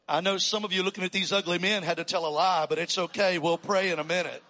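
A male pastor preaching a sermon with energy, calling on the congregation to answer back. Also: high-pitched. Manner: energetic, calls for congregational response. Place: church sanctuary. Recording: long reverb in a church hall.

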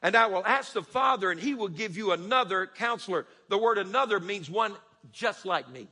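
Male preacher with a high, forceful voice and a husky edge, in a church hall with long reverb. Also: lively intonation, moderate pace. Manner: preaches with dramatic rising questions and sudden soft drops. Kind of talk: sermon.

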